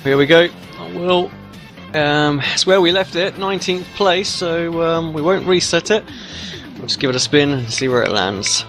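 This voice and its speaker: A man's voice: fairly high pitch, normal speed, fairly bright tone, soft background music. Enthusiastic man commentating sim racing. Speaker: race commentator.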